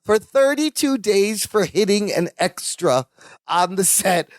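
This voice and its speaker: A man's voice: high voice, a little slow, no room sound, studio quality. A man co-hosting a podcast, chatting casually as he recaps a sitcom episode and playfully acts out the characters' lines. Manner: animated, acts out quoted lines in playful voices. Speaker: podcast co-host.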